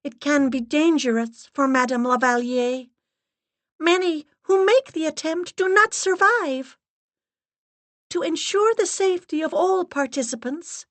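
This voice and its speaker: A woman voicing a solemn, stern medium's assistant who intones rules in a formal, steady monotone. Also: high-pitched, no room sound, pitched above the performer's own voice.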